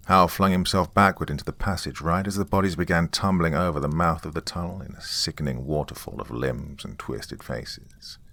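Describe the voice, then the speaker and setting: A man's voice: a bass voice, normal speed, creaky, hardly any pauses, sharp tone, no room sound. A man reading a horror novel aloud, with grave, dramatic scripted narration. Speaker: audiobook narrator.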